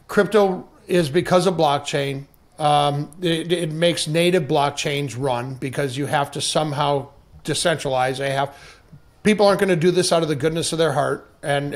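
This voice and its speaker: A man as a podcast guest, answering casually with many restarts and hesitations. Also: fairly high pitch.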